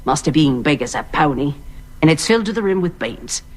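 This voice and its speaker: TV-drama woman, put-on Australian accent, deep voice, husky, steady storytelling. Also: brisk. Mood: earnest. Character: earnest Australian woman recounting a strange tale. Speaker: actress in a TV drama clip. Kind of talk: TV drama acting.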